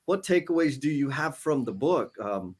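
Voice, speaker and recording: A man with a fairly high voice chats casually as co-host of a livestream. He reads viewer comments aloud and turns emotional, close to tears. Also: expressive, normal speed, a little mellow, husky.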